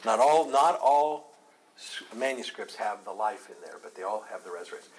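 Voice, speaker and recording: A pastor leading a Bible study, talking earnestly, asking rhetorical questions and repeating key phrases. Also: male voice, medium pitch, animated, normal speed, poor audio.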